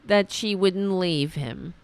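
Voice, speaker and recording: A woman hosting a political commentary podcast, ranting sarcastically and mocking opponents in high put-on voices. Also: slow, gravelly, clear, resonant tone, no echo.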